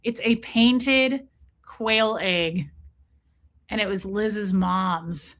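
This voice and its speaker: A woman's voice: medium pitch, drawn-out words, fairly bright tone. A woman chatting casually on a livestream, gushing over jewelry and greeting viewers by name. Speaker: livestream host.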